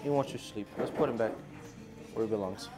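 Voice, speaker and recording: A man vlogging in an indoor animal cafe, talking into a handheld phone and coaxing the animals in an excited, playful voice. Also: fairly low pitch, fairly quick, music in the background. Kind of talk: casual vlog talk. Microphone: handheld phone camera.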